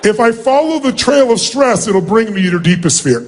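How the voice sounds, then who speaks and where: A man's voice: high voice, moderate pace. A man leading a live motivational seminar in a large hall, energetically calling out instructions to thousands of people. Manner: commanding, energetic, calling out to the crowd. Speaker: seminar speaker leading an audience exercise.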